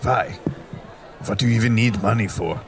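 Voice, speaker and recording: Low-voiced man playing a puzzled orc. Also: moderate pace. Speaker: tabletop game player. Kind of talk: casual tabletop role-play.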